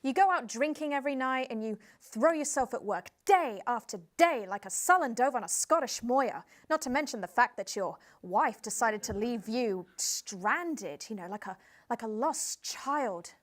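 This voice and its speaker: A woman's voice: fairly high pitch, expressive, moderate pace, close to an everyday voice. A British woman playing a self-styled outback expert who turns amateur therapist, with a theatrical, flowery, condescending manner in a comedy sketch.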